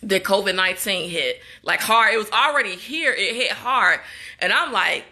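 A woman's voice: medium pitch, expressive, normal speed, bright, forceful tone. A young woman from Chicago, a graduate student, venting in an upset, emotional vlog straight to her viewers. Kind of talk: casual emotional vlog monologue.

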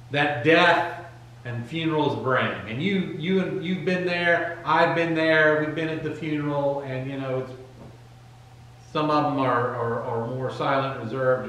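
Slow, emphatic male pastor in an echoey church. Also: mid-range voice, a bit bright. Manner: conversational, emphatic, voicing Bible figures casually. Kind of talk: sermon. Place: church sanctuary.

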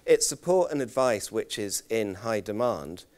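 Guy running a conference workshop, smooth clear voice, stumbles and repeats himself a lot. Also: on the low side, lively intonation, a little mellow. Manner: halting, repeats words, self-deprecating anecdotes. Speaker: workshop presenter. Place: conference room.

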